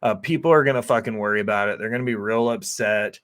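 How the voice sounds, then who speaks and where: A man's voice: lowish voice, quick pace, a bit bright. A man who is a chef, talking through a cooking video in a loose, rambling way, swearing freely and filling gaps with "like" and "um". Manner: profane, loose and rambling with lots of fillers. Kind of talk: casual cooking voice-over.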